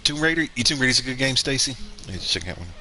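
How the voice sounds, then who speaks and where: A man's voice: mid-range voice, fast, bright, forceful tone, slight background noise. A man giving casual gameplay commentary, thinking aloud and rambling with fillers and restarts as he plays. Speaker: gaming streamer.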